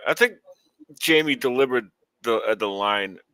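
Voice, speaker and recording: A man co-hosting a wrestling podcast in casual chat, halting with many fillers and then jumping into sudden lively bursts. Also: medium pitch, no echo, low-quality recording. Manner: halting, full of uhs and likes, then lively spikes. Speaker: podcast co-host. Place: home setup on a live stream call.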